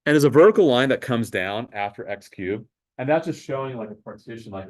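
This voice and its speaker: A man teaching a high school math class in a casual lecture, talking the students through calculator steps. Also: animated, fairly quick, poor audio. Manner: casual, talks to students as guys, thinks aloud with fillers.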